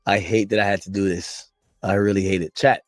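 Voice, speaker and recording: A man's voice: sits low, steady tone, brisk, no room sound, faint music behind. A man streaming a casual reaction, wry and exasperated, talking to his chat.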